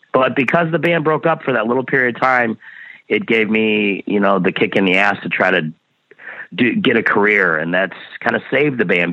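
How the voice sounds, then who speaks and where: A man's voice: lowish voice, sharp tone, dry recording. A man in his fifties, a guest musician talking in a casual interview, blunt and swearing freely, often repeating words. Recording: dull lo-fi dry sound.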